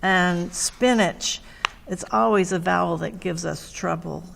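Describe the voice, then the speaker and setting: A woman's voice: on the low side, slight background noise. A woman working as an adult literacy tutor, speaking patiently with encouraging praise and careful explanations. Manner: patient, warm praise, slow clear explanations.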